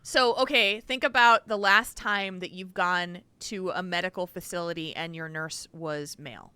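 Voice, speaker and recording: A woman's voice: fairly low pitch, moderate pace, bright, forceful tone, smooth, no echo. A woman co-hosting a podcast, giving earnest, chatty advice in a casual way. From Wisconsin, US. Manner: earnest, advice-giving, with frequent you-knows. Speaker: podcast co-host.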